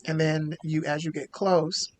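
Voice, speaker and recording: A man narrating a tabletop game as game master, casual and halting with many fillers. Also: a little high, steady tone, slight background noise.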